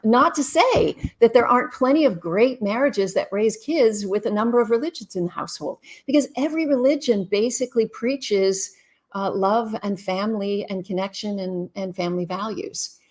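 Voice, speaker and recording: A woman from Canada hosting a live-stream Q&A on relationships, greeting viewers in a casual, chatty way and giving frank, brisk advice. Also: mid-range voice, darkish tone.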